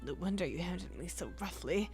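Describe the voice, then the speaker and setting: A woman's voice: fairly low pitch, lively intonation, brisk, a little mellow, soft background music, voice pushed down, natural voice. A woman voicing a haughty, grandiose male talking spellbook in a game, indignant and old-fashioned in phrasing. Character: pompous haughty male magic talking book. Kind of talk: reading game dialogue aloud.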